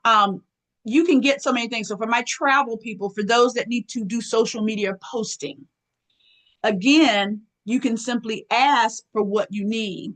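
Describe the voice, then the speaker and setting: A woman presenter running a live online workshop, lively and folksy, often clearing her throat as she talks to her audience. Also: a little high, normal speed, poor audio. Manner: lively, folksy, calls audience girl and y'all.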